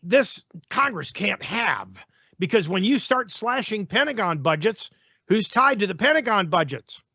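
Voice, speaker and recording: A male host rants through the news in a high, sharp-edged voice, sarcastic and opinionated. The sound is dry and close, with a slightly muffled, lo-fi quality. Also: no room sound. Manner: sarcastic, ranting. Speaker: talk show host.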